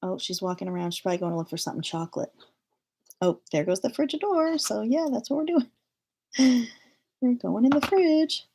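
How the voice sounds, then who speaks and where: A woman's voice: fairly high pitch, lively intonation, moderate pace, gravelly, pauses often, warm tone, husky. A woman in her thirties hosting a casual livestream from home, chatty and self-deprecating, laughing often as she talks to viewers. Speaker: livestream host.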